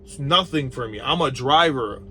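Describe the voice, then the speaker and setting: A man's voice: mid-range voice, moderate pace, bright, forceful tone, a little hiss or hum. A young adult man, a truck driver, talking bluntly and profanely in a casual vlog monologue.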